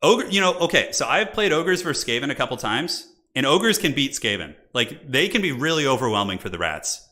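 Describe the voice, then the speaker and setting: A young man hosting a live game stream, chatting casually and excitably with viewers and often laughing. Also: medium pitch, fairly quick. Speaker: streamer hosting multiplayer matches.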